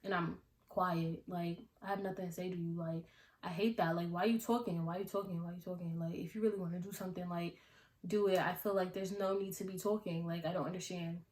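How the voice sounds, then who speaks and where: A young woman telling a casual storytime vlog, acting out her own past lines with animated delivery. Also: lowish voice, brisk. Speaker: vlogger. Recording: echoey room.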